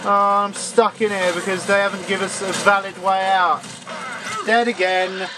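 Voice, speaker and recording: A man commentating a video game, exasperated, often yelping and shouting at the game. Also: sits high, flat delivery, moderate pace, noisy background. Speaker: gamer. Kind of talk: let's play commentary. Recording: loud game sounds behind voice.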